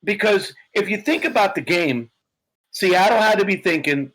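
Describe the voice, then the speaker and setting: A man co-hosting a sports podcast, talking excitedly and profanely about his team's win, his voice a bit hoarse. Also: sits high, moderate pace, low-quality recording. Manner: animated, profane, laughing. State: hoarse from yelling. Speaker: podcast co-host, Giants fan.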